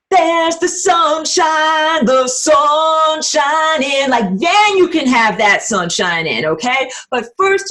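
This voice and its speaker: Emphatic woman giving a casual spiritual lecture. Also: medium pitch. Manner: emphatic and blunt, swearing, filler-heavy "like". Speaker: spiritual teacher. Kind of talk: casual online lecture while drawing.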